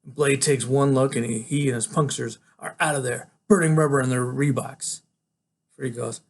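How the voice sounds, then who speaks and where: A man, a teacher, reading a novel aloud in a relaxed, conversational storytelling way. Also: medium pitch, normal speed, creaky.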